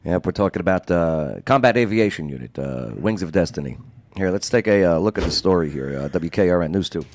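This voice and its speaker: A man hosting a casual talk show, joking and chatting with a co-host. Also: low voice. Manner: animated, quick to joke.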